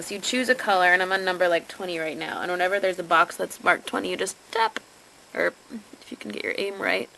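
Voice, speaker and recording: A woman's voice: medium pitch, a bit bright, a little hiss or hum, poor audio. A woman chatting casually in a diary vlog, rambling with filler words and poking fun at herself, first outdoors and then at home. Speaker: vlogger.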